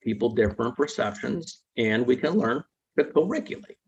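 A man's voice: medium pitch, expressive, moderate pace, husky. A man, a psychologist guest, explaining ideas patiently in an interview and often checking in with tag questions. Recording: dull lo-fi recording.

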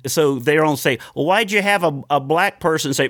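A man who works as a comedian, chatting casually and breaking into quick mimicked voices. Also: a little high, a bit bright, dry recording, studio quality. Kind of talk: casual chat.

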